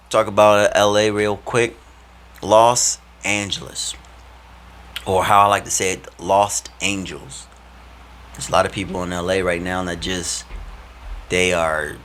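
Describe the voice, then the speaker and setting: A man giving a casual, animated faith talk to his followers in a slangy, preachy way. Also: deep voice, slow, pauses often. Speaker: vlogger.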